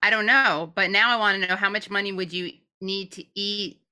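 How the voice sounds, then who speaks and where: A woman's voice: mid-range voice, fairly even intonation, moderate pace, bright, forceful tone. Blunt, profane woman chatting. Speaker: co-host. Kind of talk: casual commentary chat.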